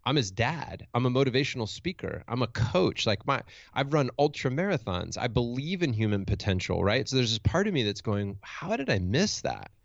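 A man's voice: mid-range voice, sing-song, fairly quick, creaky, hardly any pauses, no echo. A middle-aged man, a motivational speaker and coach, telling a personal story in conversation in a reflective, earnest way with frequent restarts, on a dull, dry lo-fi recording.

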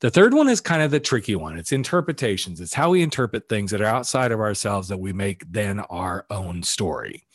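A man's voice: fairly low pitch, big pitch swings, brisk, hardly any pauses, breathy edge, dry recording, studio quality. A middle-aged man hosting his own podcast, coaching listeners through numbered steps in a casual, plainspoken way with the odd swear word. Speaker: podcast host, life coach. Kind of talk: solo podcast talk.

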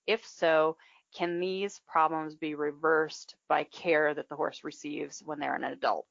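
A woman hosts a live show and reads out listener questions in a measured, announcing way. Her voice sits very low and has a gravelly fry to it. The sound is dry and a little muffled. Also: fairly even intonation, dry recording. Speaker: host. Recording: dry, slightly dull sound.

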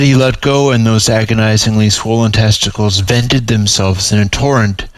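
A man reading aloud his own story in a measured, even storytelling manner. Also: on the low side, no echo, low-quality recording.

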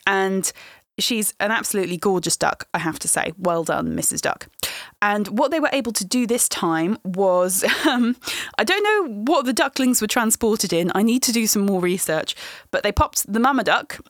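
A woman's voice: mid-range voice, lively intonation, normal speed, no echo, clean studio sound. A woman hosting a podcast in casual chat, playful and chatty, often breaking into laughs. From England. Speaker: podcast host.

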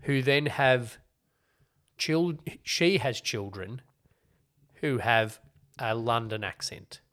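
Casting: male podcast co-host, mid-pitched, chatty and wry, casual TV review talk. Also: slow pace, a bit bright. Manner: chatty, explaining at length with wry asides. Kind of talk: casual chat reviewing TV shows.

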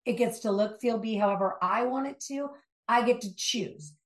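A middle-aged woman from Southern California, a life coach speaking as an interview guest, emphatic and animated, with quick asides. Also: a little high, roomy sound. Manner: animated, emphatic storytelling with asides and mock voices. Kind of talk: conversational interview.

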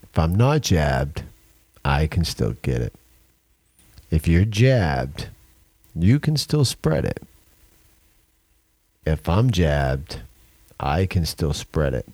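A man's voice: extremely low pitch, big pitch swings, slow pace, long pauses, darkish tone, slightly rough, no room sound. A man hosting a podcast, reading news headlines aloud and arguing against them in a casual, opinionated way. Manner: opinionated, reads headlines aloud then argues. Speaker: podcast host.

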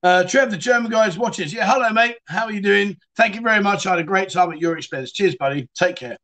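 High-pitched, fast, and sharp in tone, a man runs a relaxed livestream chat show. He reads out stories his viewers sent in and tells his own, chatty and cheeky, laughing as he speaks.

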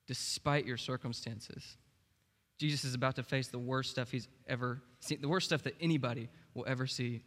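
A man's voice: medium pitch, fairly bright tone. A young man preaching a sermon as pastor, in a casual, conversational way with frequent "like" and "okay". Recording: long reverb of a large hall.

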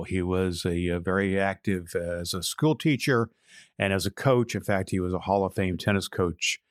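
A man's voice: lowish voice, no room sound, studio quality. A man in his sixties, a retired pastor, hosts a podcast and talks in an earnest, storytelling way with frequent restarts. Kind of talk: casual podcast monologue.

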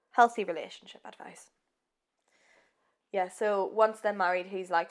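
A woman co-hosting a podcast recounts a case in relaxed, chatty conversation. She fills her pauses with ums and breaks into giggles at her own slips. Her pitch sits in an ordinary middle range. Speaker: podcast co-host. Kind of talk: casual true-crime chat.

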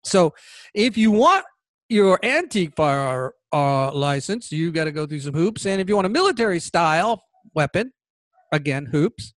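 Indignant podcast host, higher man's voice. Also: sing-song, normal speed, fairly bright tone, no room sound. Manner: emphatic, indignant, reading legal text aloud. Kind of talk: political commentary podcast.

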